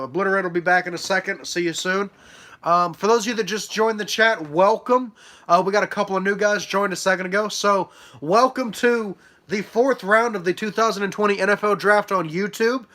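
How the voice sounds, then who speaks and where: A man's voice: sits high, sharp tone. A young man with a stuffy nose from allergies, chatting casually on a live stream as he reacts to draft picks and hands out grades, with lots of ums and uhs. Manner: chatty, many fillers, hands out letter grades. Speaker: livestream host reacting to a sports draft.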